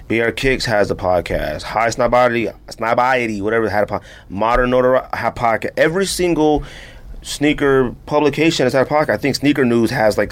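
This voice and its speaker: A man co-hosting a casual podcast, ranting in an animated way with lots of filler words. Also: on the low side. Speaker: podcast co-host.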